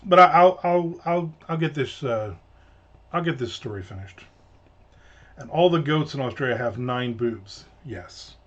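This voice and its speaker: Reading viewer comments on a casual livestream, a man from the United States rambles and jokes, frequently trailing off and restarting. His mid-range voice is expressive and a little slow, recorded on a slightly dull lo-fi home mic.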